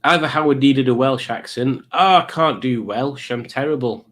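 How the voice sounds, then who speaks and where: A man's voice: mid-range voice, normal speed, a bit bright. A middle-aged man, hosting a live quiz stream in a chatty, rambling, teasing way. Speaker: livestream quiz host. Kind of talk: casual live-stream chat.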